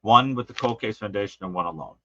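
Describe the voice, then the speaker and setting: A man's voice: fairly low pitch, quick pace, bright, forceful tone, dull audio. A man co-hosting a call-in show, joking and playful with the callers. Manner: playful, joking, laughs often. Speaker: co-host, guest doctor. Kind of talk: casual call-in chat.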